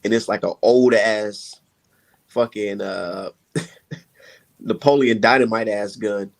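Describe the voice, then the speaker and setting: A man hosting a casual chat, telling a profane, animated story and laughing often. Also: fairly low pitch, slow pace, gravelly. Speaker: podcast host.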